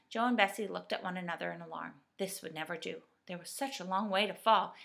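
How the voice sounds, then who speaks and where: A woman reading a children's storybook aloud in a lively, expressive way. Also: fairly low pitch, fast talker, creaky, few pauses. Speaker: reader. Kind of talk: storybook narration.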